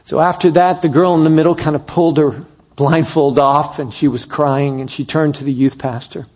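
A man preaching a sermon, telling a story that builds to emphatic peaks and drops to soft, quiet moments. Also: fairly high pitch, fairly even intonation, moderate pace.

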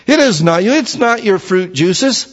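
A man preaching a sermon, moving between hushed low lines and raised emphatic ones. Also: lively intonation, unhurried. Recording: dull sound with long hall reverb.

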